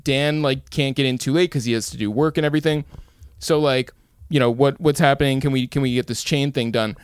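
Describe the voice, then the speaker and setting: A man co-hosting a casual chat, explaining quickly and backtracking as he goes. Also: medium pitch, steady tone, clean tone, no room sound, studio quality.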